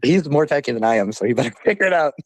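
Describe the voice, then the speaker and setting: Fast, dry-miked male host with a profane, rambling manner. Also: medium pitch, expressive, no room sound. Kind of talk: casual heated chat.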